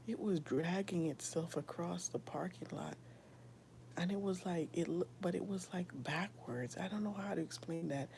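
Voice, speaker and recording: Softly whispering woman, gravelly and dark. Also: on the low side, slight background noise. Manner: soft, often whispered, halting with many fillers. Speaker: streamer sharing a personal testimony. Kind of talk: whispered personal testimony.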